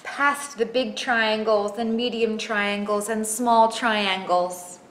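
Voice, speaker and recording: Slow, expressive woman reading to kids. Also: medium pitch. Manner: slow, expressive storytelling asking children questions. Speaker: children's librarian. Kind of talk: picture-book read-aloud. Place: library. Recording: echoey room, faint background noise.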